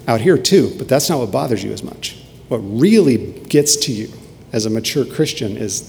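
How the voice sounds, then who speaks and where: A man preaching a sermon as a pastor, earnest, dropping to a hush and then rising to emphatic peaks. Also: mid-range voice, animated, normal speed, gravelly, big-room sound.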